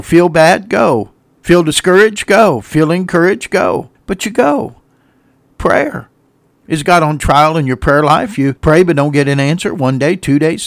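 A man's voice: on the high side, no echo. A male pastor preaching a sermon, building emphatic repeated refrains and acting out the voices of people he quotes.

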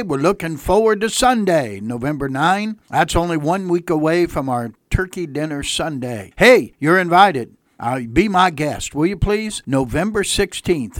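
Folksy preacher guy on the radio, kinda high voice, totally dry close mic. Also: a bit bright, dry recording. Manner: folksy and earnest, repeats phrases for emphasis. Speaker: pastor. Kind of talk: radio sermon.

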